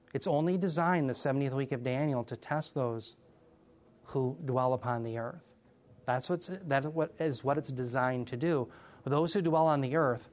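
A middle-aged man teaching through a Bible passage verse by verse, earnest and putting rhetorical questions to his listeners. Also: on the high side.

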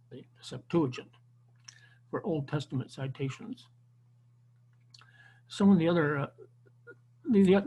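A man's voice: fairly high pitch, dark tone, slightly rough, rough recording. A man teaching an online Bible class, lecturing unscripted with frequent restarts and fillers over a video call.

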